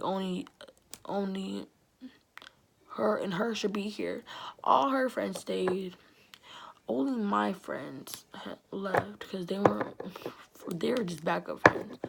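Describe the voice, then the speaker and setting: A woman's voice: mid-range voice, vocal fry, background noise. A teenage girl telling a storytime vlog in a chatty, slangy way, often dropping to a whisper. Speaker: vlogger.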